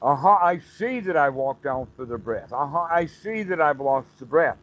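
A man's voice: a little high, animated, normal speed, a bit bright. Man teaching meditation over dull call audio. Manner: explanatory, voices the mind's self-talk in quotes.

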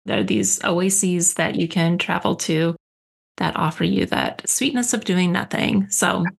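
A woman's voice: medium pitch, creaky, a bit bright. A woman co-hosting a podcast, chatting casually and enthusiastically, laughing as she talks. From United States. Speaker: podcast co-host.

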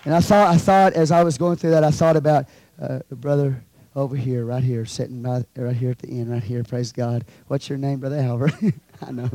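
A man preaching a sermon as pastor, swinging from quiet storytelling to shouted calls to the congregation. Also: mid-range voice, steady tone, a little fast, dry recording. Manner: preaching with rising shouts and call-and-response asides.

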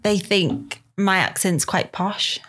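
Soft-spoken woman with a Scouse accent. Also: mid-range voice, takes it slowly, husky. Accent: Liverpool (Scouse). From Liverpool, England. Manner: soft-spoken, brief, hesitant answers. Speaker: podcast guest. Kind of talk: casual interview chat.

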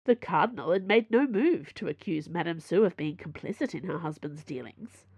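A woman reading a science fiction story aloud in an even, measured audiobook style. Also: fairly low pitch, gravelly, husky, no echo, muffled recording. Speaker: narrator. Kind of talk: audiobook narration.

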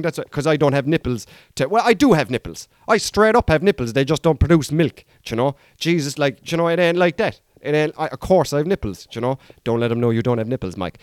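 A man's voice: a little high, no echo, studio quality. An Irish man hosting a podcast in a rambling, self-mocking comic monologue full of chatty asides. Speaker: podcast host.

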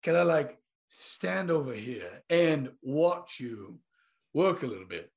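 A man's voice: fairly high pitch, big pitch swings, takes it slowly, creaky, full character voice. A man voicing an insatiably curious dwarf smith, hesitant and rambling with lots of fillers. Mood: eager. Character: curious young dwarf smith, eager and nosy.

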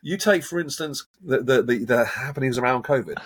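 A man, a hypnotherapist, talking in a casual interview and acting out everyday examples in an animated, coaching way. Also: mid-range voice, brisk, slightly rough. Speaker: hypnotherapist guest.

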